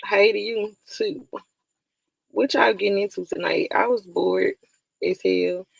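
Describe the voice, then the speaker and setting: A woman with a gravelly, fry-tinged voice chats loosely on her livestream, calling out viewers by name. She laughs often and swears freely. The sound is close and dry, with no room echo. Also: mid-range voice, measured pace. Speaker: livestream host. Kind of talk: casual livestream chat.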